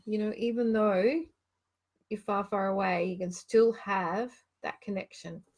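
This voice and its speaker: A woman's voice: medium pitch, a little mellow. A woman casually chatting and reading cards aloud on a live stream, giggling often. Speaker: card reader hosting a live show.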